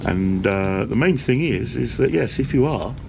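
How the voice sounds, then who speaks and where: A man's voice: medium pitch, animated, normal speed, vocal fry, darkish tone, slight background noise. A man presenting a rambling, enthusiastic walk-around tour of a shop. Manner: enthusiastic, rambling, self-deprecating. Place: indoor shop.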